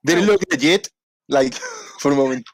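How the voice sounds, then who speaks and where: A man hosting a casual livestream, rambling playfully and reading out shout-outs to viewers. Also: mid-range voice, normal speed, no room sound, clean studio sound. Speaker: livestream host. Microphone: desk microphone.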